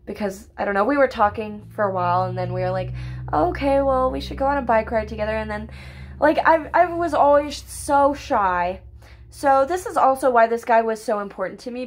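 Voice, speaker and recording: A young woman telling a casual storytime to her viewers, chatty and full of "like" and "literally", swearing freely and breaking into excited squeals. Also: fairly high pitch. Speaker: vlogger.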